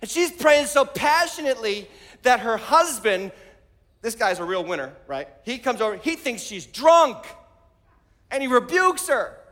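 A man preaching a sermon as pastor, animated and rising to shouts. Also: extremely high pitch, a little slow. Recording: long hall reverb.

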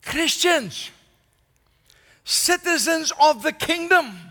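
A senior pastor preaching a sermon, building to strong emphasis and asking the congregation "Amen?". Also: male voice, very high-pitched, sharp tone, in a large hall. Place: church.

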